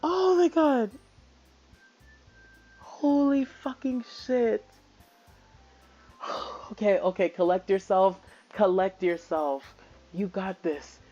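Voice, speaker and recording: A woman's voice: mid-range voice, slow pace, pauses often, warm tone, muffled recording, soft background music. A young woman playing a horror game, reacting with panicky swearing and frequent shrieks. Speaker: let's play gamer. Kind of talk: let's play reaction commentary.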